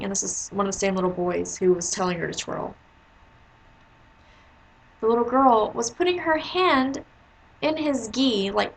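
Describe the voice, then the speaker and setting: A woman speaking in a mid-pitched voice, chatting straight to the camera about her teaching day. She rambles in a relaxed, conversational way and jumps up in pitch whenever she quotes her pupils. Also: poor audio. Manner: chatty, jumps into high voices when quoting kids. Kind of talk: casual storytelling vlog.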